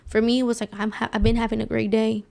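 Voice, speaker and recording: Chatty woman with a gravelly edge. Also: fairly high pitch, quick pace. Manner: animated storyteller acting out quoted voices. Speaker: podcast co-host. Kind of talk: casual chat.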